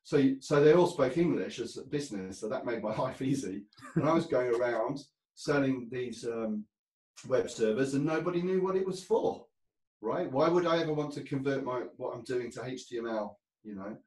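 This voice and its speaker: A man's voice: mid-range voice, expressive, moderate pace, darkish tone, reverberant, recorded from a distance, rough recording. A man telling stories from his career in a casual interview, rambling, laughing often and restarting his sentences. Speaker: interview guest. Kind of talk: casual storytelling.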